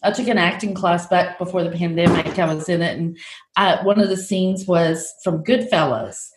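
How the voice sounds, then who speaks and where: A woman's voice: fairly low pitch, moderate pace, noisy background. A woman podcast co-host, chatting and telling stories in a talkative, laughing way. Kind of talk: casual podcast chat. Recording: roomy echo.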